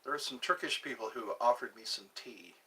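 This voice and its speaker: Hosting his channel's laid-back solo vlog, this man thinks out loud and wanders between subjects. His medium-pitched voice is sharp and a little fast, picked up from slightly too far from the microphone.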